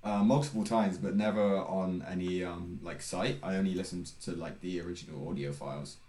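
A man's voice: deep voice, steady tone, a little fast, dark tone, echoey room. A young man co-hosting a podcast, chatting casually with dry, self-mocking humour. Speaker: podcast co-host and editor. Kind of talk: casual chat.

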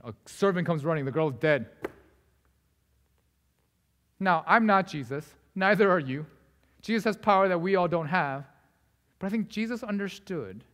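A young male pastor with a high, light voice preaches a casual, conversational sermon. He acts out the people in his story and often drops to quiet asides. His voice rings through a hall with a long reverb.

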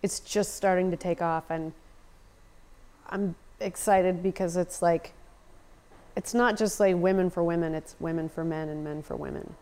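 A woman's voice: on the low side, fairly even intonation, normal speed, a little mellow. An American woman talking passionately as a podcast guest, swearing freely and saying "like" often. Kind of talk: casual conversation.

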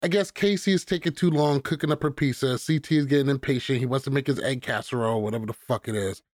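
A man's voice: medium pitch, fast talker, darkish tone, no room sound, clean studio sound. A man hosting a podcast, recapping episodes in a joking storytelling way. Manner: storytelling recaps with mocking quoted voices. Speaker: podcast host. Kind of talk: casual recap and chat.

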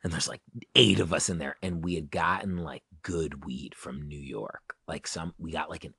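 Low-voiced man telling a rambling story. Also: moderate pace, creaky, husky, dry recording, clean studio sound. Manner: rambling, heavy use of "like", many restarts; animated, acts out scenes with loud yelling. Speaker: guest, music producer and songwriter. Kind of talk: casual storytelling in conversation.

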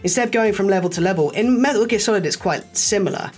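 A man telling stories in a casual chat, lively and acting out the people he quotes. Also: sits high, fast talker, faint music behind. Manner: animated storyteller, acts out quoted voices.

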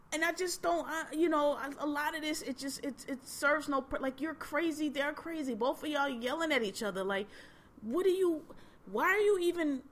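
A woman's voice: sits high, a bit bright. A woman hosting a podcast, ranting casually and bluntly about politics, exasperated and profane, often restarting her sentences. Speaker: podcast host.

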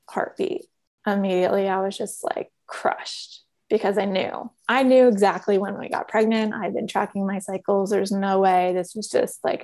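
A woman's voice: medium pitch, gravelly, darkish tone. A young adult woman on a community call, telling a personal story in a candid, conversational way with plenty of fillers. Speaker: podcast guest sharing a personal story.

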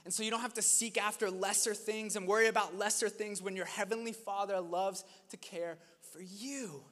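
A man's voice: sits high, steady tone, moderate pace, fairly bright tone. A male pastor preaching a sermon in an earnest, conversational way, recorded in a large church sanctuary. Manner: earnest and conversational, laughs at his own stories. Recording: long reverb of a large hall.

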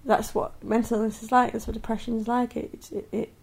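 A woman's voice: on the high side, flat delivery, fairly quick, vocal fry, breathy edge. A woman in her thirties speaking candidly and earnestly in a personal podcast monologue. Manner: candid and earnest, many restarts and soft laughs. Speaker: podcast host.

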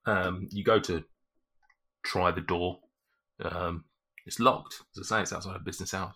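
A man's voice: sits low, steady tone, moderate pace, pushed and bright, breathy edge. A man narrating a tabletop game as game master, rambling with restarts. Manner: rambling, lots of fillers and restarts.

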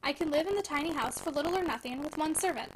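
A woman's voice: sits high, fast talker, lightly acted, rough recording. A woman reading the part of an impulsive, passionate young married woman, eager and emphatic, over static. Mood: earnest. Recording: heavy static hiss.

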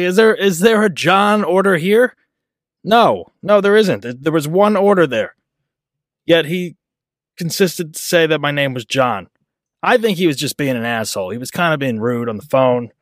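A man's voice: mid-range voice, no room sound, studio quality. A man hosting a podcast, telling a rambling everyday story in a casual, self-deprecating way. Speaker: podcast host. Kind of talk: casual monologue.

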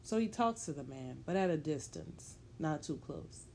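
A woman telling a story in a measured, plain-spoken way, in the present tense. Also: low-pitched, expressive, creaky, darkish tone, slight background noise.

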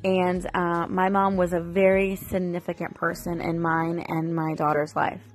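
A woman in her thirties shares a heartfelt family memory with her viewers. Her voice sits a bit low, and her telling is emotional and rambling, full of fillers and restarts. Soft music plays faintly behind her. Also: little pitch movement, a little slow. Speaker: mother vlogger. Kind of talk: personal storytelling to viewers.

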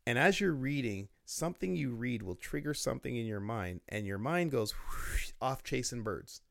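Gravelly-voiced man telling stories. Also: medium pitch, moderate pace, no echo. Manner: storytelling, animated, laughs often. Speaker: guest, business mentor. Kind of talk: casual interview talk.

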